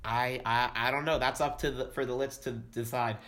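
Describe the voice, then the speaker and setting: A man's voice: mid-range voice, steady tone, a little fast, fairly bright tone. A man chatting casually as a regular guest, rambling and hesitant. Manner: hesitant, rambling, lots of fillers. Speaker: regular guest on a camp feature. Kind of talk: casual chat.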